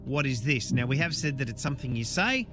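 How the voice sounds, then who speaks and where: An Australian man in his thirties hosting a breakfast radio show, relaxed and chatty. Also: mid-range voice, fast, music in the background. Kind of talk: casual radio banter.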